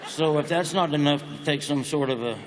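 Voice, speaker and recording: A man's voice: a little high, a little fast, long reverb tail, background noise. A middle-aged man with a Southern American accent, telling stories as a guest in a casual stage interview before a live audience. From Nebraska, United States. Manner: joking, drawling storyteller.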